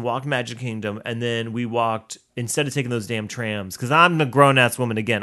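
A man hosts his own show with a comic monologue. His voice is bright and pushed forward. He leans into the sass, swears freely, and tells the story with wide swings in pitch. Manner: sassy, profane, animated storyteller with big pitch swings. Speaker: podcast host.

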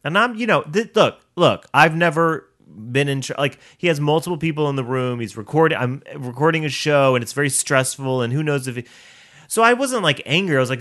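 A male podcast host telling a comic story in a sassy, profane, animated way, swinging his pitch up and down. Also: a little fast.

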